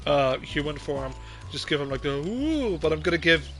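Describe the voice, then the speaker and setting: A man's voice: on the high side, level tone, brisk, a bit bright. A man streaming a game, chatting casually and thinking aloud with plenty of fillers. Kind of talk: casual gaming commentary.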